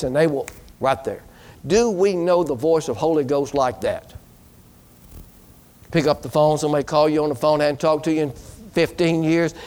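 A man's voice: fairly high pitch, darkish tone. A man preaching a sermon as pastor, exhorting the congregation in a folksy way and asking them questions.

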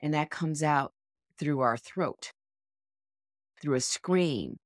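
A woman's voice: low-pitched, slow, no echo, studio quality. A woman co-hosting a podcast in an earnest, encouraging coaching tone. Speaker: podcast co-host. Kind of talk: motivational casual chat.

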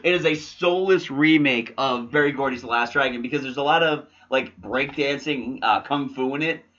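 Brief: man hosting a movie podcast, wisecracking, forceful tone, muffled recording. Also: mid-range voice, moderate pace. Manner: wisecracking, crude. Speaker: podcast host. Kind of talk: casual movie chat.

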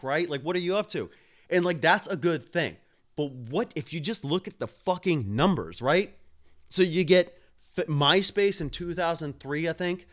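A man's voice: fairly high pitch, a bit bright. A man hosting a live stream, ranting with heavy swearing while drinking a beer and answering viewers. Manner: profane, fired-up ranting, talks to viewers.

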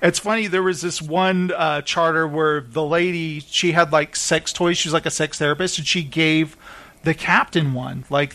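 A man's voice: fairly high pitch, normal speed. A man hosting a casual chat show, animatedly retelling reality-show scenes with many fillers. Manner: animated storyteller with lots of fillers. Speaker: podcast host.

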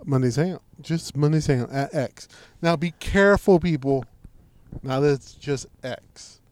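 Mumbling deadpan man, mellow voice. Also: fairly high pitch, normal speed. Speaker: podcast co-host. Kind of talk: casual crude podcast banter.

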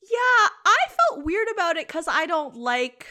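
A woman's voice: very high voice, big pitch swings, measured pace, pushed and bright. A woman co-hosting a podcast, chatting wryly about a film and giggling often. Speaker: podcast co-host. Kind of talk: casual film review chat.

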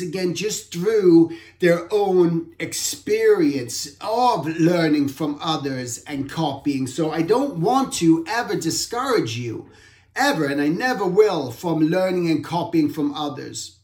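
A man's voice: fairly high pitch, darkish tone. Man in a roomy echo, rambling art talk. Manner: rambling, reflective, self-correcting. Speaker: art instructor.

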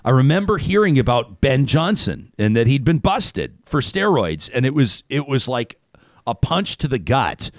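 Chatty, animated male radio host. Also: mid-range voice, moderate pace, dry recording, studio quality. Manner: chatty, rambling, laughs often. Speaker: radio talk show host. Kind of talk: casual call-in radio chat.

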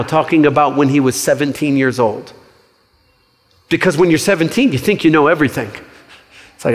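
Male pastor, slightly high voice, chatty storytelling sermon, long hall echo. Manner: conversational, animated storytelling with quick asides. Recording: reverberant hall.

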